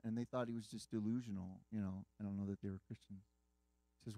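A man's voice: lowish voice, steady tone, moderate pace, mellow, dry recording. A man preaching a sermon, earnestly retelling a dramatic story with quoted dialogue.

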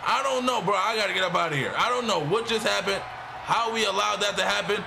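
A young man giving excited, slang-heavy commentary while playing a wrestling video game, repeating himself and shouting as he reacts. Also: sits high, quick pace, creaky, background noise. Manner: hyped, repetitive slang talk. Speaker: gaming YouTuber. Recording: game music underneath.

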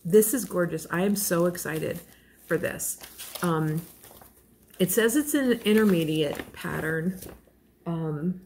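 A woman's voice: on the low side, slow pace, long pauses, darkish tone, a little hiss or hum. A woman vlogger chatting casually while unboxing a crochet kit, gushing and self-deprecating, rambling with fillers and small laughs.

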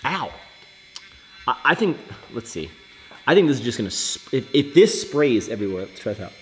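A young man talking casually to camera in a vlog, joking and animated, swinging between loud excitement and low mutters. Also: moderate pace, faint music behind. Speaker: fitness vlogger.

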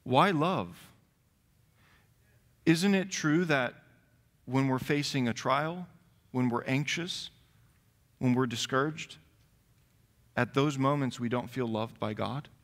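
A man's voice: medium pitch, slow pace, long pauses, a bit bright. A man pastor giving a sermon, reading scripture aloud and stressing key words. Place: church sanctuary. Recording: long reverb of a church hall.

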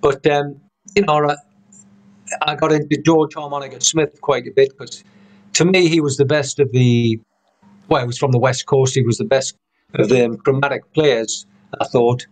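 A man's voice: mid-range voice, steady tone, normal speed, a little mellow. A man giving a casual harmonica lesson over a video call, rambling with frequent restarts and "you know"s. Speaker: harmonica teacher. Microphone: video call computer mic.

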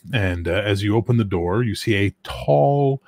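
A man's voice: lowish voice, expressive, moderate pace, creaky, darkish tone, no echo. A man running a tabletop game as game master, narrating scenes loosely and correcting himself as he goes.

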